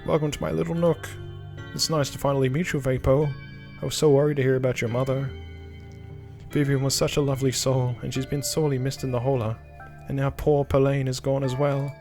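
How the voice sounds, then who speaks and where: A man putting on a gentle, mystical middle-aged woman. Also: medium pitch, little pitch movement, a little fast, faint music behind, voice pushed up, close to an everyday voice. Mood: genteel. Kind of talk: reading game dialogue aloud.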